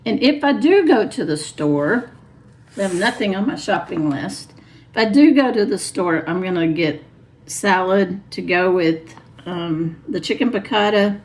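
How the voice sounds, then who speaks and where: Chatty hoarse woman with gravelly fry. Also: mid-range voice. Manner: chatty, rambling, laughs often. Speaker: vlogger. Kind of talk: casual chat. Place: truck camper.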